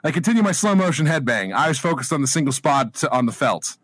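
A man's voice: on the high side, lively intonation, quick pace, a bit bright, husky, no room sound. A man hosting a podcast, reading a story aloud and breaking into laughing asides. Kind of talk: casual podcast chat and reading.

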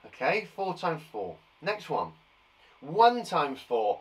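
Speaking slowly and with great animation, this slightly high-voiced man from England teaches young children maths in a live online class. He counts aloud and offers chatty encouragement as a primary school teacher, captured on a rough recording.

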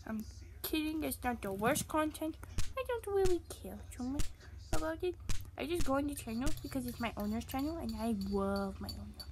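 A woman voicing a silly, boastful young puppy who talks through a game, giddy and bragging, jumping between shouts and whispers. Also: high-pitched, expressive, moderate pace, noisy background. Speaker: channel host. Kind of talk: gameplay commentary in character.

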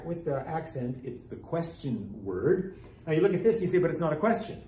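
A man's voice: dark tone, far from the mic. A man teaching a Greek class, explaining grammar step by step and asking rhetorical questions. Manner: explanatory, rhetorical questions, pitch rising and falling widely. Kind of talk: classroom lecture. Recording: echoey classroom, speaker off-mic, faint hiss.

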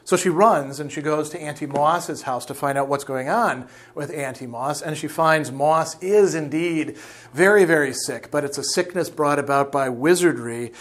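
A man's voice: a little high, moderate pace, fairly bright tone. Man explaining a novel in a lecture. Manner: explanatory, with fillers and self-corrections. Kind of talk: reading and analyzing a novel.

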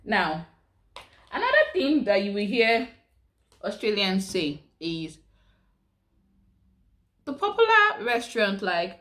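A chatty woman with a Nigerian accent talks straight to her viewers in a casual vlog. She keeps asking them questions. Her voice sits at an everyday middle pitch. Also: huge pitch swings, slow pace, long pauses, a bit bright. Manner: chatty, full of rhetorical questions. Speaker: vlogger. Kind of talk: casual chat to camera.

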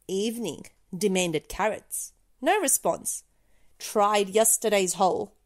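A woman reading a children's picture book aloud, expressive and playful, with deliberate pauses between short phrases. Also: mid-range voice.

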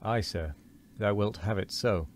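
A man reading as a sorrowful loyal first mate, low-voiced. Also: a little slow, a little hiss or hum, close to an everyday voice. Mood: resigned. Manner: pleading, archaic speech.

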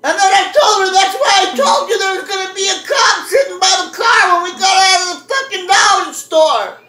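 A very high-pitched, bright-voiced woman tells a story at full volume, cursing and laughing through it. The room around her is echoey. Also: a little fast, slight background noise. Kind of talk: loud profane storytelling. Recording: roomy echo.

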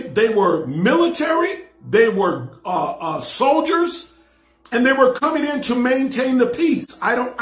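A man with a very high voice recounts a vision with dramatic intensity, his pitch leaping widely as he pushes toward shouts. He sounds like he is in an echoey room, with faint music under him.

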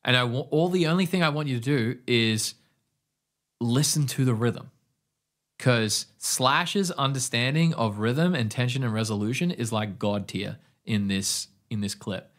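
Excitable man teaching guitar. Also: mid-range voice, unhurried. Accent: Australian. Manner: enthusiastic, rambling, scats rhythms aloud. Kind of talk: casual online music lesson.

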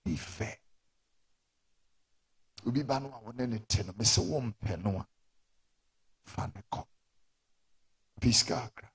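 A man with a Ghanaian accent preaching a sermon in church, now and then shouting for emphasis. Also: mid-range voice, moderate pace, pauses often, slightly rough.

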